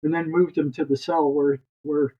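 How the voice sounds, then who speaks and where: Older male guest storyteller, husky voice, rambling restarts, muffled lo-fi audio. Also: a little high, little pitch movement, normal speed. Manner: rambling, repeats words as he restarts. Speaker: guest, retired psychotherapist. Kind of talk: long storytelling anecdote.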